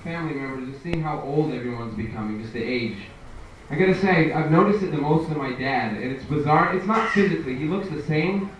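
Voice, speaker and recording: Man, stand-up comedian, conversational, very echoey room, distant mic. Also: a little high. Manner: conversational, acts out quoted voices. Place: live comedy venue. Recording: echoey room from far off with noise.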